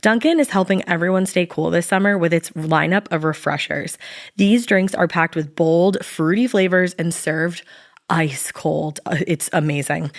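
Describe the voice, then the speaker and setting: A woman's voice: lowish voice, vocal fry, no room sound, studio quality. A woman co-hosting a podcast in casual, bubbly chat and host-read ads. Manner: bubbly, chatty, playful.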